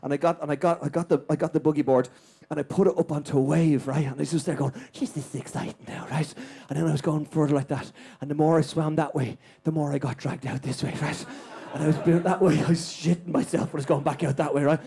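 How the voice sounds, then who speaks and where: An Irish stand-up comedian performs live in a small comedy venue, rattling off an anecdote at speed and tagging lines with "right?" as the audience listens. His voice is fairly high but steady, with a creaky, husky, dark tone.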